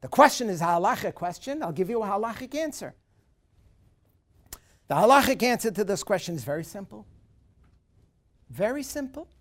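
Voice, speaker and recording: A woman's voice: medium pitch, very animated, normal speed, long pauses. A woman giving a course lecture, emphatic and repetitive, who acts out questions in the first person. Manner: emphatic, repeats key points.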